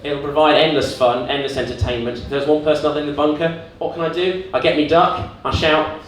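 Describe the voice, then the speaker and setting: Awkward young man in an echoey comedy room. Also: brisk. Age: young adult. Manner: awkward, deadpan, faltering character with sudden squeaky put-on voices. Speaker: student stand-up comedian. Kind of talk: in-character stand-up set. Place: student comedy club stage with audience. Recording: very echoey room, distant mic, noisy. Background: audience laughter and room ambience.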